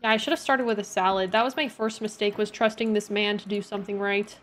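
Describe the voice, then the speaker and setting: A woman's voice: medium pitch, steady tone, fast, a little hiss or hum. A young woman chatting casually as she plays a game on stream, talking to her characters and her viewers. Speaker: gaming streamer. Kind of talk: casual gameplay chat.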